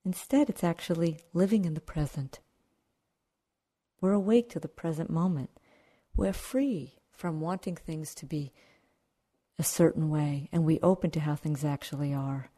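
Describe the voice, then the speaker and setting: A woman meditation teacher giving a dharma talk in a calm, reflective manner, with asides to the audience. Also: low voice, normal speed. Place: meditation retreat hall.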